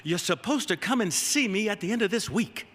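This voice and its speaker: A man's voice: sits high, expressive, normal speed, bright, forceful tone, voice pushed up, exaggerated voice. A man imitating a curt older Southern coach. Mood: stern. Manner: curt, repeating orders. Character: stern older male head coach, Southern drawl. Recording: long reverb of a large hall.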